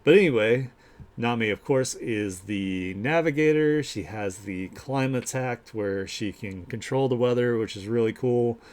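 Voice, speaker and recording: On a live stream where viewers share their art, a man hosts casually and cheerfully, stumbling over fillers and restarts as he raves about each piece. His medium-pitched voice is unhurried and a little mellow.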